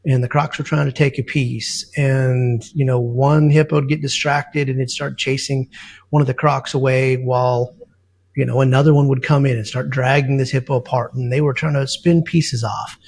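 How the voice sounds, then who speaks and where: A man, a safari guide and wildlife photographer, telling relaxed, rambling stories from the field as a podcast guest, with plenty of fillers. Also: medium pitch, vocal fry, breathy edge. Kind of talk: casual storytelling.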